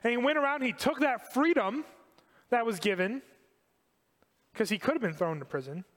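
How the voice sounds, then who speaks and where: A man preaching a sermon to a congregation, animated and emphatic, repeating key phrases. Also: extremely high pitch, moderate pace, long reverb tail. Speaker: pastor.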